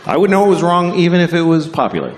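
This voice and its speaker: A man doing a stand-up comedy set, delivering deadpan and acting out voices. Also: fairly high pitch, fast, over music. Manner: deadpan, acts out voices in quotes. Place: theater stage before a live audience. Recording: live show with crowd noise and laughter.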